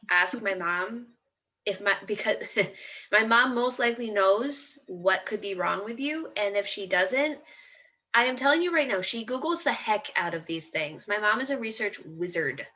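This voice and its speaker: A woman's voice: mid-range voice, normal speed, sharp tone. A young woman chatting casually and animatedly, acting out her mother's advice as she tells a story. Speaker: co-host. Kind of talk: casual chat. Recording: dull lo-fi sound.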